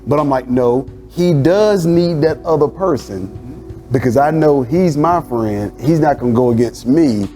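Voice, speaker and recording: Pastor guy chatting, tells stories big and lively, warm low tone, some music under it. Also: unhurried. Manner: animated storyteller, acting out family dialogue with laughter. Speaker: pastor and host. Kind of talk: casual conversation.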